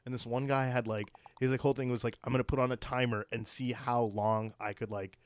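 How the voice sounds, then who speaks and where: A man's voice: medium pitch, flat delivery, a little fast, no echo. A man telling stories in casual podcast chat, rambling with lots of filler words and laughing often.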